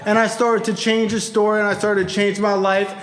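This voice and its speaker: A man with a high-pitched voice tells his recovery story to a convention crowd. He talks in a raw, blunt way, swears freely, and pushes some lines up to a shout. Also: flat delivery, brisk. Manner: raw, profane, emphatic storytelling with shouted peaks. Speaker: recovery speaker. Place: convention hall before an audience.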